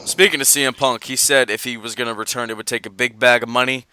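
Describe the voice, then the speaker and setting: A man co-hosting a casual wrestling podcast, reading fan mail and rambling through his opinions in an animated way. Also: mid-range voice, fast, clear, resonant tone. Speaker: podcast co-host.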